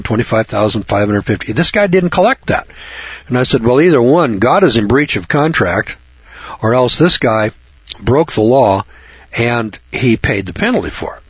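A man delivers Bible commentary in a husky, slightly hoarse voice. He is blunt and hectoring and often restarts his words. The recording is dull and lo-fi, with a dry, close sound. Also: medium pitch, dry recording. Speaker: Bible teacher.

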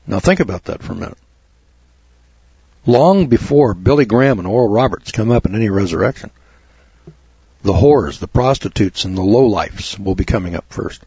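A man preaching an informal sermon as a lay preacher, blunt and folksy with rough language. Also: fairly low pitch, expressive, moderate pace, pauses often, darkish tone, dry recording, muffled recording.

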